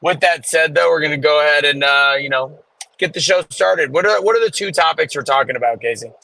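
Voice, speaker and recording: Man, podcast co-host, forceful bright tone, fairly high, hesitant restarts. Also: a little fast, vocal fry. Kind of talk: casual chat.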